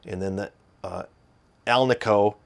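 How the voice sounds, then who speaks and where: A man's voice: lowish voice, measured pace. A man with a Midwestern accent talking casually about gear, rambling with fillers and restarts. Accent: Midwestern American. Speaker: guitar video host. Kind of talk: casual explanatory talk.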